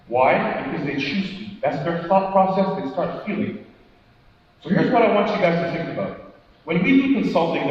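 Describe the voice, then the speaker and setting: A high-voiced man delivers an animated motivational keynote, throwing questions at the audience and acting out what people say. His voice swings widely and rings through a big echoey hall, picked up from far away with a dull, muffled tone. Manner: animated, asks the audience questions, acts out quotes. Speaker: keynote speaker. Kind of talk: motivational conference talk. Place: large conference hall. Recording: echoey hall, distant mic, dull sound.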